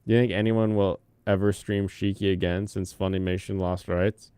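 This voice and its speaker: A man's voice: low voice, flat delivery, normal speed, dark tone, clear, resonant tone, no echo. A man chatting casually on a live stream, rambling between topics and humming to himself.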